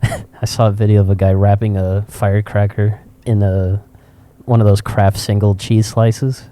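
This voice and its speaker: In a cigar shop, a male podcast co-host with a lowish voice keeps a moderate pace through a casual conversation. He tells stories animatedly, with plenty of laughter.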